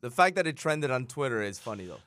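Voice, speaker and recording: Male radio co-host, smooth and clear voice, easygoing replies in casual chat. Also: mid-range voice, big pitch swings, fast, fairly bright tone.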